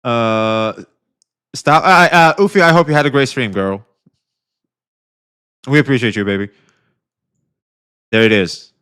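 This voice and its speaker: A man's voice: medium pitch, measured pace, pauses often, a bit bright, clean tone. A man streaming live, casually reacting to a clip, laid-back, swearing and laughing a lot.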